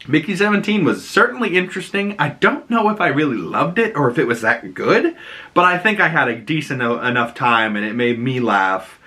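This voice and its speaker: A man's voice: mid-range voice, animated, a little fast, bright, forceful tone. A young man casually reviewing a movie, chatty and rambling, laughing at his own jokes.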